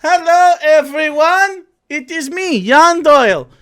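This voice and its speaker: A man's voice: extremely high pitch, animated, slow, sharp tone. Man streamer making amused asides. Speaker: streamer host. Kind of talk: live stream commentary.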